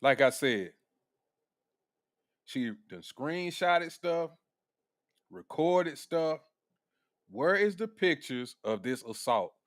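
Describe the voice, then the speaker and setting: A man's voice: on the high side, very animated, takes it slowly, pauses often, fairly bright tone, no echo, studio quality. A man hosting a casual reaction commentary, blunt and profane, laughing often. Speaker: commentary host.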